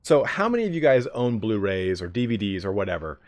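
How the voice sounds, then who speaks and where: A man's voice: on the low side, sing-song, fairly quick, a little mellow. A man hosting a live stream, chatting casually with viewers in a joking, profane way. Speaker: livestream host of a game league.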